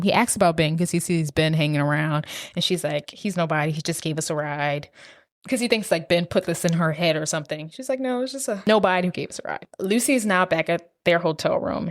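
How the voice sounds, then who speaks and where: A woman's voice: low voice, dry recording, studio quality. A woman co-hosting a podcast, casually recapping a movie plot and acting out the characters' lines as she goes. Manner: animated retelling, acting out lines in quotes. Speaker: podcast co-host.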